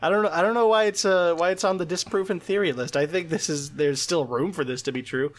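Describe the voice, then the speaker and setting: A man hosting a casual podcast, arguing and swearing in animated, playful banter. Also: on the high side, fast talker. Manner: animated, swearing, argumentative, laughing. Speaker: host.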